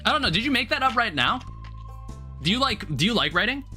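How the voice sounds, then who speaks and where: A man's voice: extremely high pitch, very animated, quick pace, sharp tone. A young man chatting casually on a live stream while he plays a game, thinking aloud in a rambling way with lots of filler words. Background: faint game music.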